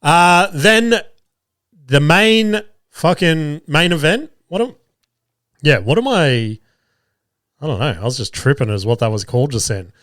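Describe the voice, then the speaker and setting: A man's voice: on the high side, very animated, measured pace, long pauses, fairly bright tone, no echo, clean studio sound. An Australian man hosting a podcast, chatting loosely and swearing as he picks bets, under the weather with a cough. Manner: rambling, swears often, many restarts and fillers. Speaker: podcast host. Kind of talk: casual sports betting chat. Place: small studio. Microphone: studio mic.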